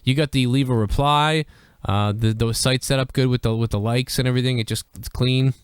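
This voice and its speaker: Man, podcast host, casual banter, deadpan, rapid talk, dry sound. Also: medium pitch, clear, resonant tone, no echo. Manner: deadpan, blunt jokes. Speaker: podcast host taking calls.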